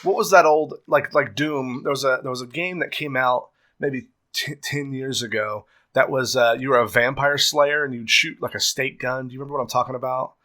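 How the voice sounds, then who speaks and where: A man's voice: mid-range voice, steady tone, a little fast, few pauses, pushed and bright. Talkative man hosting a podcast. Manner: talkative, searching for words. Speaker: podcast host. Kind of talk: casual podcast chat.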